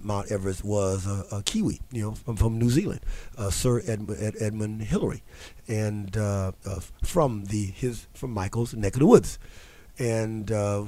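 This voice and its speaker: A man's voice: on the low side, mellow, no room sound. Rambling man hosting a talk show. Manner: rambling, many restarts and fillers, chuckles. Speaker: host of a fitness talk show. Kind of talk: casual storytelling talk. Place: studio.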